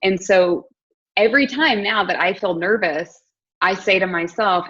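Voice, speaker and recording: A woman's voice: mid-range voice, a little slow, a bit bright, slightly rough, highs cut off. A woman hosting a conversational interview, reflective and thinking aloud as she talks. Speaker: host.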